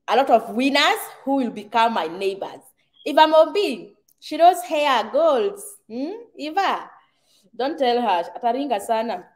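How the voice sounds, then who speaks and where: A middle-aged woman from Kenya with a Kenyan accent, hosting a casual live stream and reading out viewer comments, chatty, laughing often and slipping into Swahili phrases. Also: fairly high pitch.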